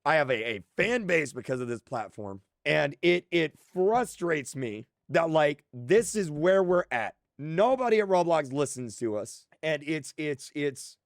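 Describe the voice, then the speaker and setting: A man's voice: a little high, big pitch swings, measured pace, few pauses, no echo, studio quality. A man who makes games speaks in an impassioned monologue, earnest and frustrated, often restarting his sentences. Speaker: game creator.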